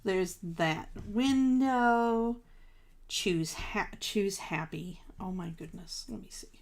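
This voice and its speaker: Woman, craft livestream host, unhurried, gushing, chatty, self-laughing. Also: medium pitch. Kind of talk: casual live crafting chat.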